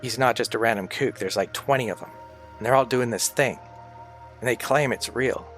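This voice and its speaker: A man's voice: medium pitch, normal speed, fairly bright tone, faint music behind. A man chatting casually on a livestream, rambling and swearing freely, sounding tired and sick.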